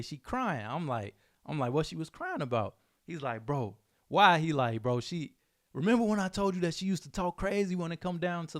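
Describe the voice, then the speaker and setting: Young male reaction host from Chicago, streetwise slang, dry close sound, slightly high voice. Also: no room sound. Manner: animated, streetwise slang, repeats himself. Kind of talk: casual commentary.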